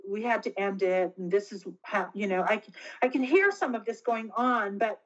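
Woman, middle-aged, interview guest, earnest storytelling, halting restarts, mid pitch, muffled lo-fi sound. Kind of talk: personal storytelling in conversation.

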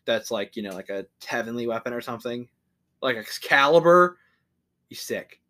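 A young man talking loosely on a podcast, his voice sitting at an everyday middle pitch. He rambles, restarts his sentences and swears offhandedly, like he's hanging out with a friend. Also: flat delivery, quick pace. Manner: rambling, swears casually, frequent fillers and restarts. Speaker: podcast co-host. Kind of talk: casual chat.

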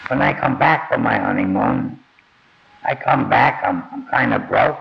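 Soft music plays behind this older man as he recounts his life in a measured, mid-range, gravelly voice. He talks plainly and bluntly, with casual swearing, in a first-person memoir style, and the recording sounds dull and lo-fi.

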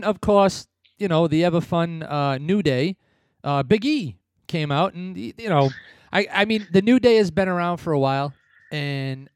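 A man's voice: high voice, clean tone, no echo, clean studio sound. A man co-hosting a casual wrestling chat, rambling and blunt, often laughing at his own remarks. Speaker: podcast co-host.

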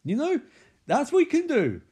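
A man's voice: very high voice, wildly swooping pitch, normal speed, dark tone. A man giving a casual, rambling movie recap, swearing and sounding incredulous at the plot.

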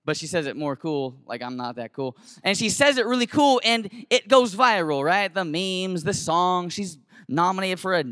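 High, bright-voiced man telling a story. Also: moderate pace, hardly any pauses, smooth, no echo, clean studio sound. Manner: animated and conversational, slangy, with many restarts. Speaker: teacher and camp cabin leader. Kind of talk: storytelling talk to an audience.

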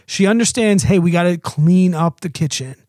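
A man in his thirties co-hosting a relaxed podcast, chatty and fond of mimicking a toddler in a squeaky voice. His voice sits a little high, and the sound is close and dry with no room around it. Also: moderate pace, no echo. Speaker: podcast co-host. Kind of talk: casual podcast chat.

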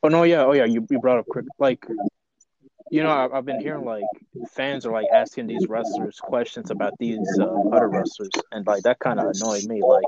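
A man's voice: mid-range voice, steady tone, a little fast. Man in casual chat, rambling with lots of fillers, dull lo-fi sound, crowd noise behind. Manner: rambling, heavy on "like" and "you know".

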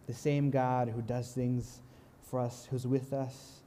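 A young man preaching a sermon, telling a story in a calm, earnest way and slowing down softly on key lines. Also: medium pitch, long reverb tail. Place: church sanctuary.

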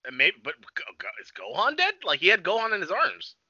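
A man reacts in quick, joking bursts, often cursing in mock outrage. His voice is sharp and very bright, with an animated pitch. The sound is dry and lo-fi. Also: no echo. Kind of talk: casual chat.

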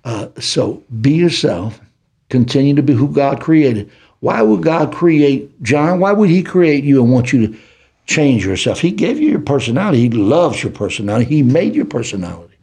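An older man with a Southern US city accent, telling his life story as a podcast guest in a preacherly, animated way. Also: mid-range voice, normal speed, breathy edge. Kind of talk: storytelling testimony.

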